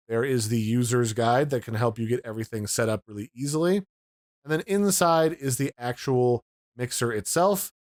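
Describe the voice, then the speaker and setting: Tech reviewer, male, relaxed explainer, dry and close, mid-range voice. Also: medium pitch, dry recording. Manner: casual, explanatory, conversational. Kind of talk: product review and unboxing.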